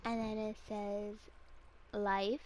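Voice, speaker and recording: Slow, giggly woman with faint room noise. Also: medium pitch, little pitch movement, darkish tone. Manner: giggly, playful. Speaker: co-host, partner. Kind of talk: casual gameplay chat.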